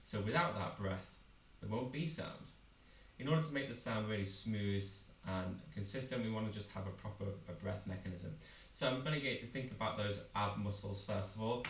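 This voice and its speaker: A man teaching singers a vocal warm-up, guiding them step by step with encouraging explanations. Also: on the low side, brisk. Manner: clear, encouraging step-by-step coaching with demonstrated sounds. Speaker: singing teacher. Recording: roomy echo, a little far from the mic, faint noise.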